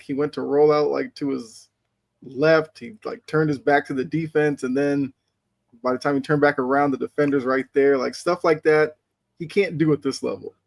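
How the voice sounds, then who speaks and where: A man on a sports podcast breaking down plays in a thoughtful, analytical way. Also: on the high side. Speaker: podcast panelist. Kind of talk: casual sports talk.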